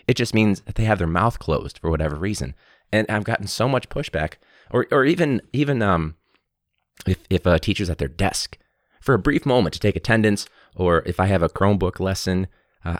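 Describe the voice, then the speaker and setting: Deep-voiced man on a podcast, wry. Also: dry recording, studio quality. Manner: candid, rambling, wry. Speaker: teacher and podcast host. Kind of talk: casual solo podcast talk. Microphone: studio mic with pop filter.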